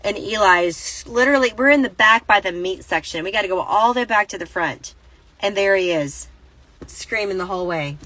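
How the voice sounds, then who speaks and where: Bright-voiced woman rambling in a car. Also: mid-range voice, fairly quick, no room sound, rough recording. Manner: rambling, self-correcting, laughs through the story. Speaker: Christian vlogger. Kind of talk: casual storytelling vlog. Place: inside a parked car.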